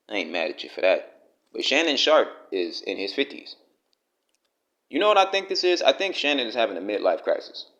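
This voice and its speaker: A man's voice: on the low side, a bit bright. A man with delivering a blunt, profane, scolding rant to the camera, talking straight at the person he criticizes. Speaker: commentary vlogger.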